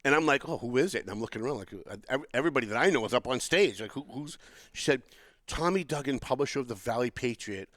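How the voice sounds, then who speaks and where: Fast-talking middle-aged male podcast host. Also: medium pitch, no room sound. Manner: animated storytelling, acts out quotes. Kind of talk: casual political chat.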